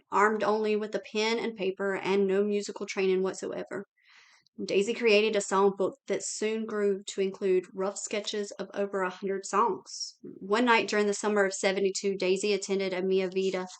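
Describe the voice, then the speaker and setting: A woman reading a novel aloud in a steady, plain narrating voice. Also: medium pitch. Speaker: book reader.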